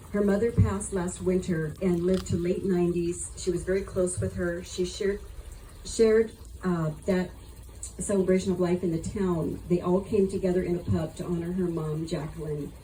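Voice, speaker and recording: Woman, eulogy speaker, earnest and affectionate, mellow tone, light noise behind. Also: on the low side, rough recording. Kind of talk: heartfelt memorial tribute. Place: memorial gathering.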